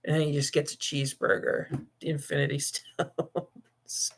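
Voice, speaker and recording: A man's voice: fairly high pitch, little pitch movement, measured pace, slightly rough. A man hosting a casual livestream, talking in a rambling, jokey way, often laughing and restarting. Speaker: livestream host.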